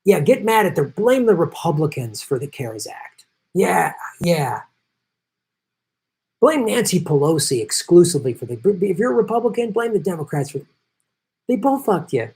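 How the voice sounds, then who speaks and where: A man's voice: high-pitched, very animated, brisk, darkish tone, husky, rough recording. A middle-aged man hosting a political live stream, reading viewer chats in a blunt, sarcastic, profane way. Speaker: political show host.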